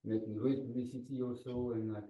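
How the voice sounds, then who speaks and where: A man's voice: medium pitch, level tone, a little fast, dark tone, reverberant, distant mic, highs cut off. A man with a French accent speaking hesitantly on a panel, searching for words. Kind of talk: panel discussion.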